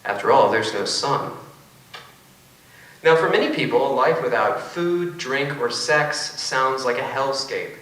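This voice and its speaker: A man's voice: medium pitch, lively intonation, a little slow, a bit bright. A man, a philosophy professor, giving a wry, joking debate talk in a large auditorium. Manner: wry, joking, with frequent asides. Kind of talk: lecture-style debate talk. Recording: echoey auditorium from far off.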